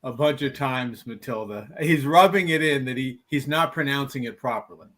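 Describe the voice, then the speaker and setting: A man's voice: mid-range voice, moderate pace, fairly bright tone. A man from Arizona on a casual online panel, trading dry, teasing banter.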